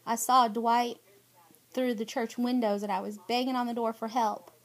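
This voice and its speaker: Speaking at a normal speed with fairly even intonation, a high-voiced, middle-aged vlogger with a drawl addresses her viewers in an aggrieved personal statement. Her delivery stays emphatic and pleading.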